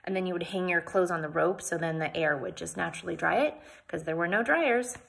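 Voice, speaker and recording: Bright, husky woman reading a novel aloud. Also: fairly low pitch, a little fast. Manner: casual asides between read passages, voices the characters. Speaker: book reader.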